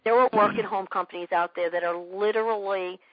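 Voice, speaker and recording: A woman's voice: medium pitch, fairly even intonation, fairly quick, dry recording, dull audio. A woman sales trainer coaching a trainee over a call. She repeats her points, acts out both sides of a sales call, and keeps asking whether it makes sense.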